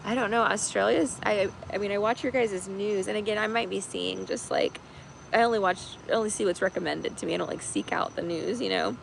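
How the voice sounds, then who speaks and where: A woman host chats casually on a livestream in a strongly gravelly, creaky voice. She rambles, leans on fillers and laughs easily as she talks. Faint background noise sits under her voice. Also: medium pitch, lively intonation, a little fast, low-quality recording. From United States. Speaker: tarot reader and channel host.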